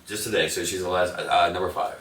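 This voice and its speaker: Male interview guest, quick, rambling storyteller, recorded off-mic in a roomy space. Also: deep voice, little pitch movement, fairly bright tone. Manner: rambling anecdotes. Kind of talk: casual storytelling. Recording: echoey room, mic at a distance.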